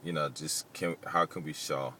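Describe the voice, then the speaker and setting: A man's voice: extremely low pitch, fairly even intonation, normal speed. A middle-aged man vlogging as he drives, talking loosely and rambling, with lots of "you know" fillers. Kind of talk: casual rambling monologue while driving. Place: inside a moving car. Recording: loud road and engine noise. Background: car and traffic noise.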